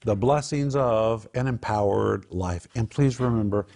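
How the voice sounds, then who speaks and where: Teaching from the Psalms as host of a Christian program, this Bible teacher speaks conversationally, earnest and emphatic, rising into raised exhortation. He talks a little slowly in a lowish, darkish voice with vocal fry.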